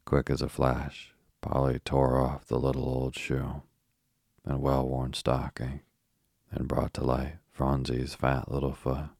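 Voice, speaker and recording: A man with an extremely deep, husky voice reads a bedtime story slowly and softly. His delivery stays almost level, with very little rise or fall in pitch. The recording is close and dry. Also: dry recording. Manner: slow, soft and steady, for falling asleep. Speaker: narrator.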